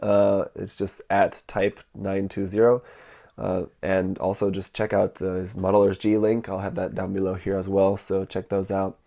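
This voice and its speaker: A man's voice: low voice, completely flat delivery, moderate pace, gravelly, warm tone. A man hosting his model kit video channel, talking casually with many fillers and a nasal voice from a cold.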